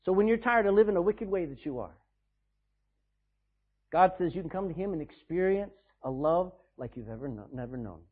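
High-voiced preacher on a tinny recording. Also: male voice, lively intonation. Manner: preaching with emphatic swings in volume, reading scripture slowly. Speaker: pastor. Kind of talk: sermon. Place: church sanctuary. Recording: tinny phone-like sound.

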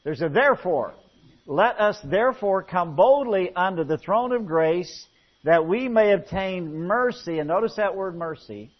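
Folksy American preacher, muffled recording. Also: male voice, a little high. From United States. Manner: folksy, animated storytelling with jokes. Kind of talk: sermon with humorous anecdotes. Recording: muffled lo-fi sound.

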